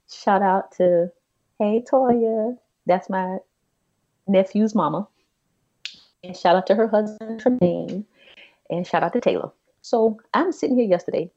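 A woman, co-hosting a podcast and telling a personal story in a chatty, animated way. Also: medium pitch, muffled recording. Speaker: podcast co-host. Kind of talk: casual chat, storytelling.

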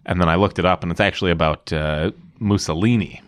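A man's voice: sits low, fast talker, no room sound. A young man co-hosting a podcast, telling stories in casual chat and often laughing. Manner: animated storytelling with bursts of laughter. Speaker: podcast co-host.

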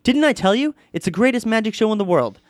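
A man reading a story aloud while voicing a manic adult man who plays a stage magician, shouting in a theatrical showman manner. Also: high-pitched, animated, fast, dry recording, clean studio sound, voice pushed up.

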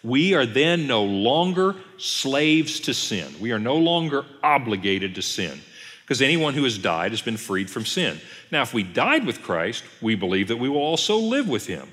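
A man, a pastor, giving an emphatic, conversational Bible teaching with pauses. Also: mid-range voice, big pitch swings, a bit bright. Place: church sanctuary. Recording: long reverb of a church hall.

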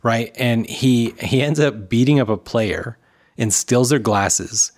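Man, casual co-host, opinionated, animated retelling, mid pitch. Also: slow. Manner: opinionated, talkative, acts out quotes. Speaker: podcast co-host. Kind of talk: casual chat.

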